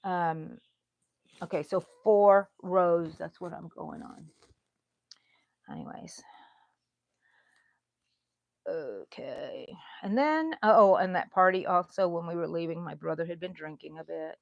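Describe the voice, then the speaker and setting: A woman's voice: fairly low pitch, expressive, slow, creaky, pauses often, no room sound, dull audio. A woman, chatting in a rambling way to viewers of her crochet livestream from a bedroom at home. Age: 60s. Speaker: crochet channel host. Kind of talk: casual livestream chat.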